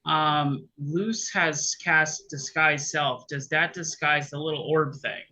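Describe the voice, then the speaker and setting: A man's voice: a little high, steady tone, slow pace, bright, forceful tone, low-quality recording. A man playing a tabletop game online, asking a precise question about the rules. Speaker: player.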